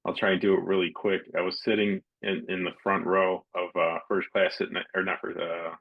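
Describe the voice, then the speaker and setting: A man with a low, husky voice hosts a relaxed interview. He tells stories with animation and acts out the people in them. The audio sounds a little dull and lo-fi. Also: fairly quick. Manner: animated storyteller, acts out quotes. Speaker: podcast host. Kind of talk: casual interview chat.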